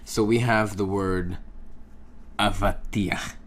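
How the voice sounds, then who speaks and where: Slow, deep-voiced man teaching a lesson. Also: slight background noise. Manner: slow and patient, checks in with "okay?" often. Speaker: Hebrew language teacher. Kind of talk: casual explanatory lesson.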